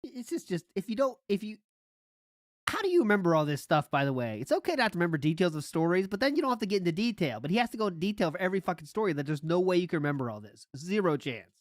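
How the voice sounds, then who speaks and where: A man's voice: high voice, very animated, rapid-fire, dry recording, studio quality. A man hosting a podcast, sarcastically mocking a played story with lots of laughter and disbelief. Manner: sarcastic, incredulous, laughing often. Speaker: podcast host reacting to a clip. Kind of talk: mocking commentary over a played clip.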